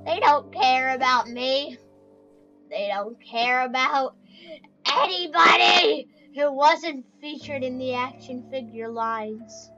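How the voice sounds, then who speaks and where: A sulking male animatronic bear who feels everyone has forgotten him, voiced by a performer. He talks slowly and high in a whiny, rambling, self-pitying way. His tone is bright, and faint music plays behind him. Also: highs cut off. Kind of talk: casual comedic skit.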